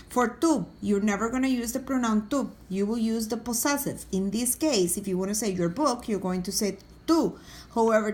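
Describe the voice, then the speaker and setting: A woman teaching a Spanish grammar lesson, patiently walking through examples and speaking to the class as boys and girls. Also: medium pitch.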